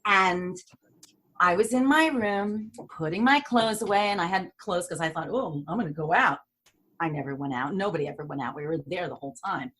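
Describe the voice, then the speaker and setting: Woman, New York accent, middle-aged, bright voice, animated storytelling. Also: fairly low pitch, brisk. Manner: animated, acts out voices and screams. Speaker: actress guest. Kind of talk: storytelling interview.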